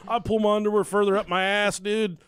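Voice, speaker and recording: A man co-hosting a podcast, telling a story in a casual, animated way, laughing and swearing freely. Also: high voice, a little fast, clean tone, no room sound, clean studio sound. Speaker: podcast co-host.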